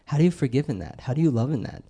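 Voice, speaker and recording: A man's voice: mid-range voice, expressive, rapid-fire, warm tone, slightly rough. A middle-aged man preaching in a conversational way, asking the congregation questions and telling stories from his life. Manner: conversational, asks the crowd questions. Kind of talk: sermon.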